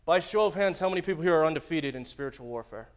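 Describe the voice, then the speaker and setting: A man's voice: a little high, lively intonation, racing. Dramatic man preaching a sermon. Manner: dramatic, swings from loud to soft; jokey asides to the congregation.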